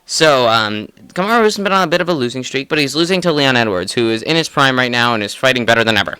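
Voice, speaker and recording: Casting: young male podcast co-host, excitable and profane, clear bright tone. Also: mid-range voice, fast talker, dry recording. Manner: excitable, profane, laughs often. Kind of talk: casual sports chat.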